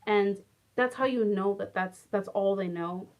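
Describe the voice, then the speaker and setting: A woman's voice: medium pitch, unhurried, lo-fi sound. A young adult woman, a former English teacher, casually telling personal stories with lots of "like" and plenty of feeling. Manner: chatty, heavy use of "like", animated and affectionate. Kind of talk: casual storytelling vlog.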